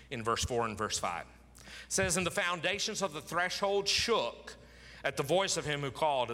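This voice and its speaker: A man's voice: mid-range voice, pushed and bright. Man preaching in a reverberant hall. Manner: emphatic preaching, repeats words for stress. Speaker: pastor. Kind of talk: sermon.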